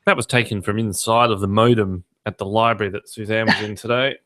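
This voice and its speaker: A man's voice: fairly low pitch, steady tone, a little fast, fairly bright tone. Joking Australian man hosting a podcast. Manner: joking, ranting. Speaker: podcast host. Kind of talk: casual chat.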